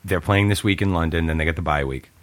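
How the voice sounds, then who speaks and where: A man's voice: sits low, fast. A man co-hosting a casual sports podcast, laughing easily and explaining his point firmly. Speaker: podcast co-host.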